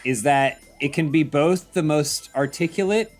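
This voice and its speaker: A man's voice: on the high side, unhurried, faint music behind. A man playing a video game while chatting casually, telling stories animatedly and swearing freely. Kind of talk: casual gameplay chat.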